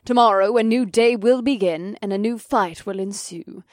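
A man's voice: sits high, normal speed, no echo, clean studio sound, voice pushed up, close to an everyday voice. A man voicing a composed, commanding female headmistress in a storybook reading, speaking in a formal, authoritative way.

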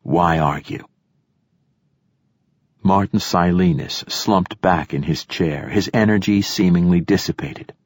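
A man reading a first-person novel aloud as an audiobook narrator, in a dry, measured way. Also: low-pitched, darkish tone, slightly rough, dry recording.

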